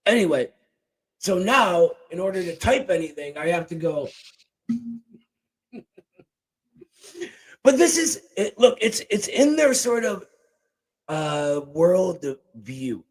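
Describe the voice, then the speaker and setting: Man, show host, casual chat, emphatic and joking, slightly high voice, desk boom mic. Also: sing-song, takes it slowly, pauses often, husky, rough recording. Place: home desk. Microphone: boom-arm desk mic.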